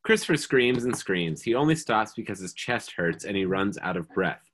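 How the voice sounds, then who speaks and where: A reader calmly reading stage directions aloud in a live script reading. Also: mid-range voice, moderate pace.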